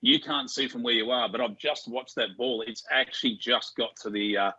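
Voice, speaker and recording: A man's voice: medium pitch, fairly even intonation, normal speed, pushed and bright, slightly rough, dry recording. A man on a panel, telling jokes casually and chuckling often over a video call. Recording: dry, muffled video call audio.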